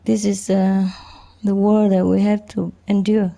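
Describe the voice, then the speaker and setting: An older woman giving an informal spiritual talk in simple, halting English, chatty and often laughing. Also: mid-range voice, level tone, gravelly, mellow. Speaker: spiritual teacher.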